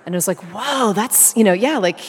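A woman interviewing an author, chatty and animated in a conversational interview. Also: fairly low pitch, very fast. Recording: long reverb of a hall.

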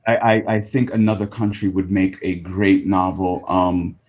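A man as an interview guest, speaking thoughtfully with frequent pauses and ums. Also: low-pitched, little pitch movement, darkish tone, muffled recording. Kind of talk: casual interview.

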